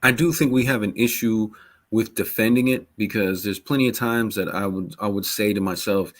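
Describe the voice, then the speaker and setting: A man with a somewhat low voice co-hosting a casual sports podcast. He talks loosely and profanely, rambling with constant asides. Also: steady tone, moderate pace. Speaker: podcast co-host.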